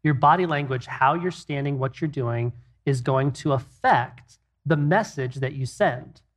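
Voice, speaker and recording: A man's voice: medium pitch, unhurried. A middle-aged man co-hosting a faith-based marriage talk, earnest and plainspoken, telling stories to make his point. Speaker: co-host.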